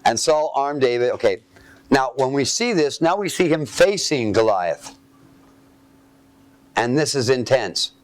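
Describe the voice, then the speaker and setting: A man preaching a sermon, reading scripture aloud and asking his listeners to fill in the missing words. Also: mid-range voice. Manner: asks fill-in-the-blank questions of listeners; reads scripture aloud, then comments.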